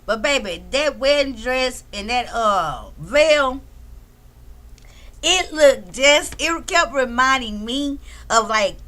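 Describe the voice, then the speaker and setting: Chatty high-voiced woman streamer. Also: animated, slow. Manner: chatty, shouts out chat members, swears freely. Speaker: livestream commentary host. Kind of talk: casual livestream commentary.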